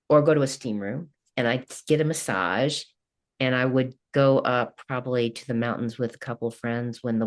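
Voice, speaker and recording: A woman in her sixties from Kentucky, a coach chatting as a podcast guest in a rambling, laughing way. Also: a bass voice. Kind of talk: casual interview chat.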